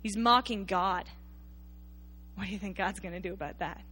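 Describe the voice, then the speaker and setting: A woman preacher delivering a sermon to her church, retelling scripture with emphatic storytelling that drops at times to quiet intensity. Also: medium pitch, normal speed, slight background noise.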